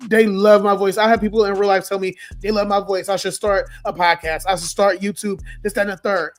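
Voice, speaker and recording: A man in his twenties with a hoarse, worn-out voice from a sore throat, telling a story in an animated, profane, ranting way. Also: high voice, a little fast. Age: 20s. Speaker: social media host. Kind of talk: casual storytime rant.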